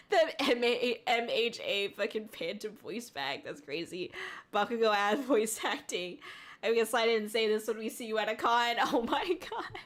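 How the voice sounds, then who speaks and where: Giggly high-voiced streamer woman. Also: fairly bright tone. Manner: giggly, rambling, swears freely. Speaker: VTuber streamer. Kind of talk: casual chat reacting to clips.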